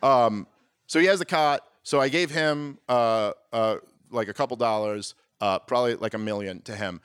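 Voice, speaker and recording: A man doing stand-up, telling a story in an animated way and pushing his voice high and loud when he acts out his own exasperation. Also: normal speed, clear, resonant tone, no echo. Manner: animated, climbs to near-shouting exasperation when acting out arguments. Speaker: stand-up comedian.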